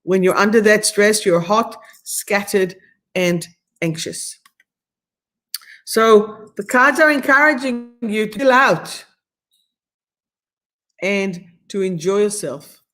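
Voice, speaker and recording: Middle-aged lady doing oracle card readings on a live stream, calm soothing affirming voice, bit of phrasing. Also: medium pitch, takes it slowly, pauses often. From Israel. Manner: soothing, affirming, slightly non-native phrasing. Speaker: guest host reading oracle cards.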